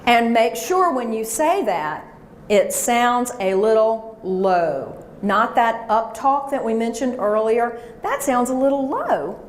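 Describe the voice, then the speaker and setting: A woman's voice: fairly high pitch, animated, takes it slowly. Echoey woman speaker coaching a crowd. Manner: coaching audience to repeat phrases. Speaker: professional speaker. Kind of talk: motivational seminar talk. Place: conference room before an audience. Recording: echoey room with faint hiss.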